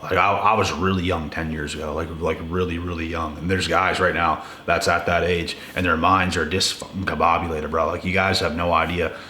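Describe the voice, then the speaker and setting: A man's voice: sits low, flat delivery, normal speed, few pauses, pushed and bright, slight background noise. A young man in a blunt, casual rant to the camera, profane and emphatic, often repeating himself. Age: young adult. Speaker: video creator. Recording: echoey room with faint ambience.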